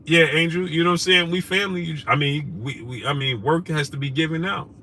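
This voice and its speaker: A man hosting a casual live stream, shouting out viewers by name in loose slangy talk. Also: fairly high pitch, fairly quick, slight background noise. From New York. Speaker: host. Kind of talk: casual live-stream chat, reading super chats.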